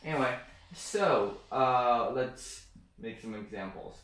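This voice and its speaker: A man's voice: medium pitch, slow pace, a bit bright, distant mic, slight background noise. Young guy, chatty pronunciation lesson, lots of uh and you know, roomy echo, sits back from the mic. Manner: chatty, self-joking, many fillers. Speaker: language teacher. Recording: very echoey room, off the mic.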